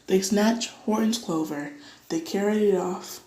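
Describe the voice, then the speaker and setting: A woman reading a children's storybook aloud, giving the characters livelier, higher voices. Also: measured pace, roomy sound, poor audio. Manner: lively, voices dialogue with pitch jumps. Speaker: audiobook reader. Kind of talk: read-aloud storybook narration.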